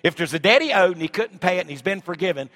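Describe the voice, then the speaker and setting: Man, pastor, sermon, emphatic rhetorical questions, bright tone, long church reverb. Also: high-pitched, animated, fast talker.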